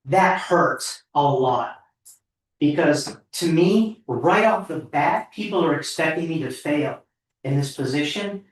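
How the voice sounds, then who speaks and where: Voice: medium pitch, animated, takes it slowly. A board member speaking at a town meeting in an earnest, heartfelt, emotional way. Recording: echoey hall, far from the mic.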